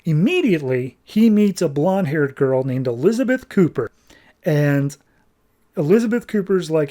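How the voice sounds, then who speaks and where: Guy on a comics podcast going thru the plot, kinda higher voice, gets fired up over mistakes. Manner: animated, exasperated nitpicking, quick paraphrased dialogue. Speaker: podcast host reviewing comics. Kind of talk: casual recap of a comic.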